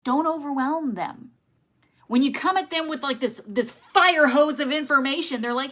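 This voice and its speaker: A woman giving motivational sales coaching in an energetic, emphatic way, telling listeners what to do. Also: high voice, moderate pace. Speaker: network marketing sales trainer.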